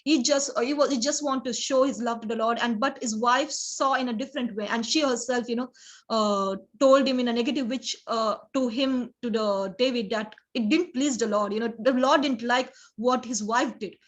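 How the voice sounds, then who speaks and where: A woman preaching an informal sermon in a halting, earnest way, with frequent restarts and "you know". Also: fairly high pitch.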